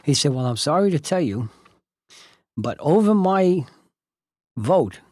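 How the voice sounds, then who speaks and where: An older man spins a long personal tale in a voice a little higher than usual for a man. He rambles and restarts, acting out the dialogue as he goes. The sound is dry and close, with almost no room around it. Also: big pitch swings, a little slow, darkish tone, dry recording. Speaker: host telling his life story. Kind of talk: casual storytelling.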